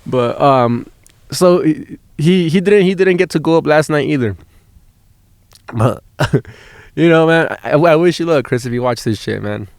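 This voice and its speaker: A man's voice: fairly high pitch, expressive, a little slow, creaky, darkish tone, no echo, studio quality. A man, a stand-up comedian on a road trip, telling a rambling story in a casual, profane way, often restarting his words and laughing as he goes.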